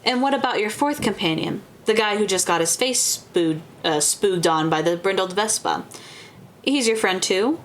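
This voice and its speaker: A woman's voice: mid-range voice, expressive, normal speed, slight background noise, close to an everyday voice. A woman voicing a taunting male orc game-show host with smug, teasing patter.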